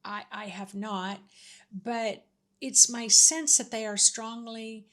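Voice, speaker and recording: A woman's voice: on the high side, steady tone, slow, pushed and bright. A woman hosting a spiritual talk, telling a personal story in a casual, chatty way with many fillers and restarts. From Washington State, US. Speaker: host sharing spiritual stories.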